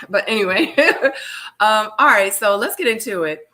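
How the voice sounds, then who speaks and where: A woman hosting a live online panel show, chatty and laughing often, her voice a bit tired and low. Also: expressive, measured pace, pushed and bright. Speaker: host.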